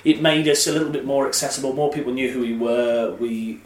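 A man's voice: mid-range voice, a little fast. A man, a guest telling stories in a casual interview and acting out the people in them. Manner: animated storytelling with mimicked voices. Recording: echoey room.

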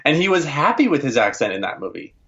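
A podcast co-host sharing film trivia in casual chat, relaxed, with many fillers. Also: medium pitch, fast, highs cut off.

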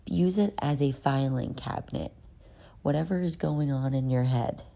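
Very deep-voiced woman with a gravelly edge. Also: moderate pace, mellow. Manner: chatty, profane, slips into whispers. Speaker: vlogger. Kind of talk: casual self-help voice note. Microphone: phone voice note.

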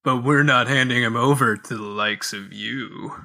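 A man voicing a creepy, smug, baby-stealing wizard koopa from a video game, in a drawn-out mock villain tone. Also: mid-range voice, bright, forceful tone, voice pushed down. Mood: sly.

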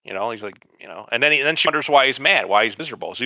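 A man's voice: mid-range voice, very fast, hardly any pauses, dry recording, dull audio. A man co-hosting a podcast, bluntly retelling and mocking scenes from a TV show with lots of swearing. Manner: blunt, profane, animated retelling. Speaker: podcast co-host. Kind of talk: profane casual chat about a TV show.

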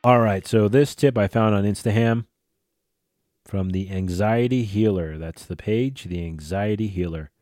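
A man's voice: fairly low pitch, unhurried, a little mellow, no room sound, studio quality. A man in his forties hosting a solo podcast, talking casually and rambling, with plenty of swearing, fillers and restarts. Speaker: podcast host.

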